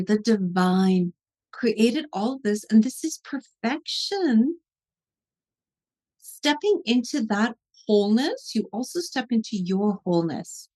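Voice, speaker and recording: A woman podcast host reflecting aloud in conversation, warmly affirming her guest. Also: fairly high pitch.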